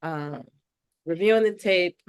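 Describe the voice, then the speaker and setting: A woman guest on a podcast, an artist and educator, talking in a heartfelt, animated way and laughing often. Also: lowish voice, measured pace, clear, resonant tone. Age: adult with children. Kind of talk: casual conversational interview.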